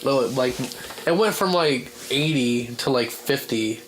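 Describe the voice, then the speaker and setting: A man with a hoarse voice hosting a casual radio talk show, blunt and swearing freely. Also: mid-range voice, a little slow, a little hiss or hum, low-quality recording. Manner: blunt and swearing, animated in argument. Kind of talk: casual chat. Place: small home studio.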